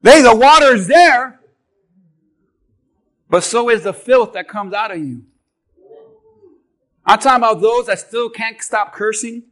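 Male pastor, sermon, high-pitched, animated, loud and soft in turns. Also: a little slow, long pauses. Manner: animated, swings from quiet asides to shouting. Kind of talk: sermon with object lesson.

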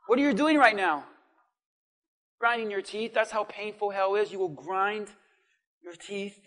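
High-voiced preacher giving a dramatic sermon. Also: male voice, measured pace, fairly bright tone. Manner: dramatic, acts out voices of people in hell. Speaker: pastor.

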